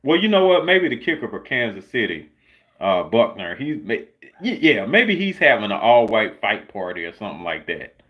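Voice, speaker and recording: A man's voice: fairly low pitch, sing-song, normal speed, a bit bright. A man hosting his own livestream, talking casually and sarcastically with many filler words. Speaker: livestream host. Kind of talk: casual solo livestream commentary.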